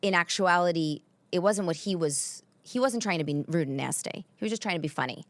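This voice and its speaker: A woman's voice: fairly low pitch, fairly quick, no echo. A woman with an accent co-hosting a casual chat, telling stories animatedly and acting out quoted voices. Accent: non-native English. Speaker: podcast co-host.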